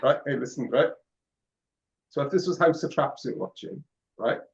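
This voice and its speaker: A man's voice: fairly high pitch, moderate pace, vocal fry. Stammering joking man, muffled audio. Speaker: podcast co-host. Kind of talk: casual chat.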